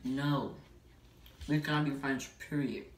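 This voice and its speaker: A woman's voice: extremely low pitch, steady tone, a little slow, a little hiss or hum. A woman vlogger telling a personal story in a casual, emphatic way, with many filler "like"s. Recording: echoey room, mic at a distance.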